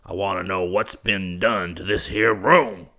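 A man voicing a gruff, stubborn old rancher in a western audiobook, snarling and barking his lines. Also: low voice, steady tone, unhurried, bright, forceful tone, heavily acted. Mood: surly. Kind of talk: audiobook character voice.

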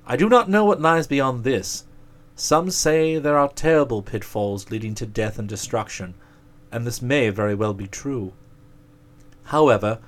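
A man narrating a storybook aloud in a measured, expressive way. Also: fairly low pitch.

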